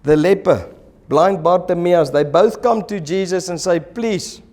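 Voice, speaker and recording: A man preaching a sermon in church, animated and acting out the voices of the people in his stories. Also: high-pitched, normal speed. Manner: animated, acts out quoted voices. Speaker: pastor.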